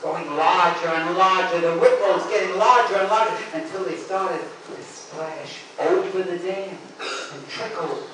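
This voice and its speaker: A man telling stories to a live audience, playful and slow, drawing listeners in. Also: high-pitched. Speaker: storyteller. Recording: echoey room from far off, noisy.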